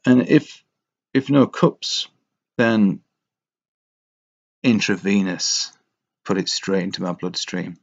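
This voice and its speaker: A man's voice: sits low, takes it slowly, long pauses. A man talking in a rambling, casual monologue, wry and self-mocking as he meanders from thought to thought, on a dull lo-fi recording. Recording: dull lo-fi sound.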